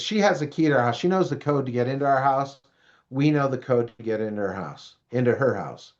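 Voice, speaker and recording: A middle-aged man giving a parent-education talk, telling a story in an animated, conversational way. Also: fairly high pitch. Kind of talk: storytelling presentation. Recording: dull lo-fi recording.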